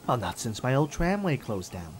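A man voicing a small, gentle old male tram engine who speaks softly, wistful and apologetic. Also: mid-range voice, big pitch swings, moderate pace, a crowd in the background, lightly acted.

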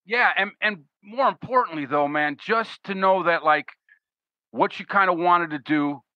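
A podcast host keeps a casual interview laid-back and encouraging, affirming his guest and calling him "man" again and again. His high-pitched voice is pushed and bright yet unhurried. The podcast audio is dry, dull, and lo-fi.

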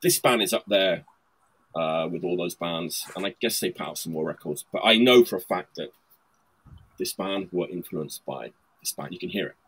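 A man with a deep, husky, slightly bright voice speaks at normal speed while hosting a casual video-call chat. He presents his punk vinyl picks, rambling with enthusiasm, filling his talk with fillers and frequent laughter.

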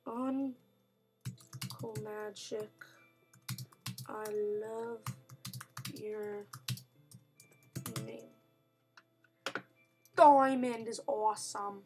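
Brief: young woman, high voice, unhurried, excitable gamer commentary, faint typing behind. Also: over music. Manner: chatty and excitable, with sudden outbursts and mock growls. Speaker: gamer narrating gameplay. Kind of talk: casual let's-play commentary.

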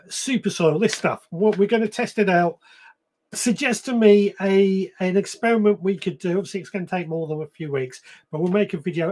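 Casual male host with a fairly high voice, loose and chatty, reading comments on a live stream. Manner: chatty, relaxed, with frequent ums and restarts. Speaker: podcast host.

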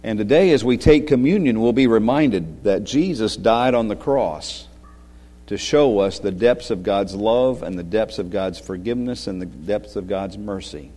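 A man giving a children's sermon as pastor, speaking gently, asking the kids questions and chuckling often. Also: on the low side, moderate pace. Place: church sanctuary. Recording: long reverb of a church sanctuary.

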